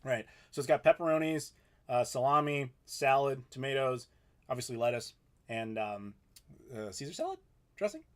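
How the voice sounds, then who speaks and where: A man's voice: mid-range voice, sing-song, normal speed. A man in his thirties hosting a casual live question-and-answer stream from home. He talks in an easygoing, chatty way and laughs often. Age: 30s. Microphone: desk mic in front of him.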